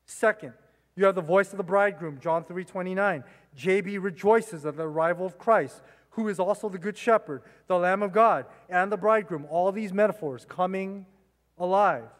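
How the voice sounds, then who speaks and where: High-voiced man preaching in a church. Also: moderate pace, big-room sound. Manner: emphatic preaching, repeating phrases and asking rhetorical questions. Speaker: pastor. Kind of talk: sermon. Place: church sanctuary. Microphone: mic.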